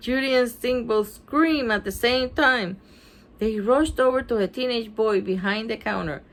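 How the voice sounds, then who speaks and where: A woman's voice: fairly high pitch, measured pace. A woman reading a children's storybook aloud, breaking off with laughing asides. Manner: laughing asides between passages. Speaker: storybook reader.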